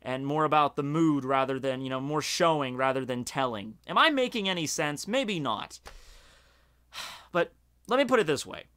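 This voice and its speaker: A man from Scotland giving casual, rambling video commentary, excited and swearing freely, with lots of fillers. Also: fairly high pitch, normal speed, smooth. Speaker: video reviewer.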